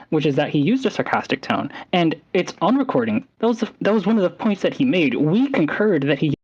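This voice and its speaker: A man's voice: on the high side, lo-fi sound. A man in a heated online debate, rambling and hesitant with many restarts.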